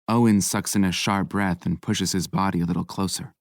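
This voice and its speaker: Deep-voiced male audiobook narrator. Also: fairly even intonation, fairly quick, hardly any pauses, dry recording. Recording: dry close studio mic.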